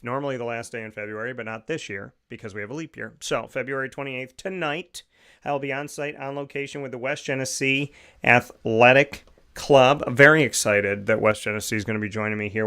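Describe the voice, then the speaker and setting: A man's voice: medium pitch, fairly bright tone, clean tone. A man hosting his own radio and podcast show in a studio, talking with upbeat enthusiasm and rattling off plugs and lists. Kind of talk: energetic show talk and sponsor plugs.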